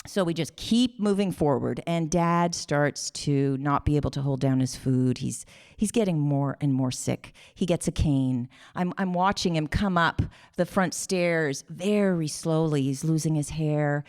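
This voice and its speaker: A woman, telling a personal story on stage, animated and emotional, acting out the voices of the people in it. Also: deep voice, unhurried.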